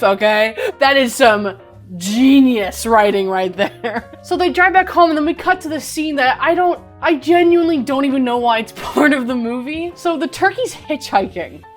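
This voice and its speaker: A young woman with a fairly high voice gives a casual movie recap, giggling through it and mocking the film with sarcasm. She slips into quick impressions of the characters. Faint music plays underneath. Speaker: movie commentary streamer.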